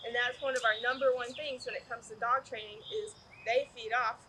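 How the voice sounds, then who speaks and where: A woman teaching dog training outdoors, explaining in an upbeat way and breaking into excited praise for her dog. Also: fairly high pitch, a little fast, a little hiss or hum, rough recording. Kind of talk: instructional video.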